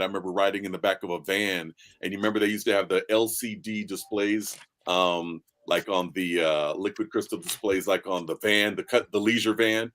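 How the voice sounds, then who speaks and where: A man from San Francisco, a bass singer, telling stories in a relaxed, animated way and laughing as he talks. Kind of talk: casual interview storytelling.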